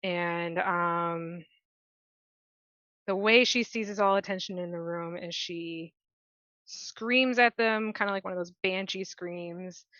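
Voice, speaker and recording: A woman playing in a tabletop role-play, slowly describing her character's actions. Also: fairly low pitch, a bit bright, no echo, muffled recording. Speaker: player.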